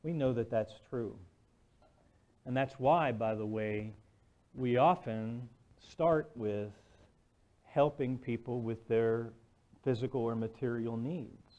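A man delivers a sermon in a relaxed, storytelling way, pausing with "um" and checking in with "right?". His voice sits in a middle pitch. The recording is a little dull and muffled. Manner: conversational storytelling, frequent "right?" and "um". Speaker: preacher.

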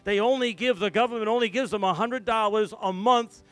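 Pastor man preaching, hushed to loud. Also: high-pitched, a little fast, smooth, dry recording, faint music behind. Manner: storytelling, swings from hushed to loud and emphatic. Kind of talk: sermon.

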